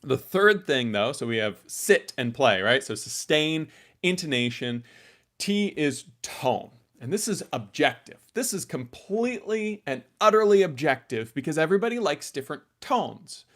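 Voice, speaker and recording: A man's voice: on the high side, sing-song, moderate pace, a bit bright. A man teaching a live online ukulele lesson, explaining in a casual, chatty way full of asides while demonstrating on his instrument.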